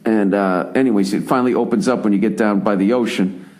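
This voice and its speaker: A man in his forties from the United States, hosting a casual podcast chat and telling stories with lots of swearing and sudden jumps up in pitch when he rants. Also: fast talker. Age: 40s. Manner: profane, animated storyteller who swings his voice up high when ranting. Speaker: podcast host.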